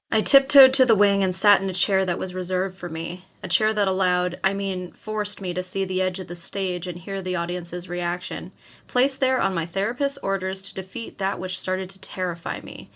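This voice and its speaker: Expressive woman reading a novel aloud. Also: on the low side, moderate pace. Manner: expressive storytelling with acted quotes. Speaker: audiobook narrator. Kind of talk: first-person audiobook narration.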